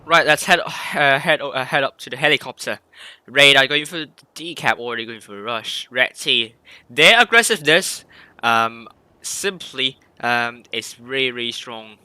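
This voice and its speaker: Bright, dry-voiced male game commentator. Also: medium pitch, lively intonation, moderate pace, smooth, no room sound. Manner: rambling, self-correcting play-by-play with hiccups. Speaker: esports caster.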